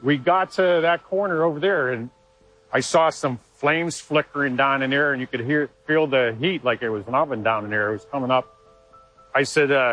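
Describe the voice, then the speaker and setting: A man telling a personal story in an interview, earnest and halting, with frequent restarts. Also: medium pitch, a bit bright, highs cut off, faint music behind. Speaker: interviewee, former Marine.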